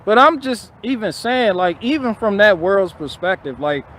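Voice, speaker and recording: High-voiced man ranting on a live stream. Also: big pitch swings, moderate pace, bright, forceful tone, slight background noise. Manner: profane, blunt, ranting; repetitive, restarting phrases. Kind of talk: casual live-stream rant.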